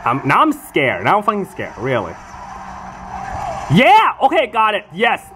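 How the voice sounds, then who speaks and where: A gamer giving casual let's-play commentary on their own match, excitable and quick to swear and laugh, talking in short, broken phrases. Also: medium pitch, slight background noise.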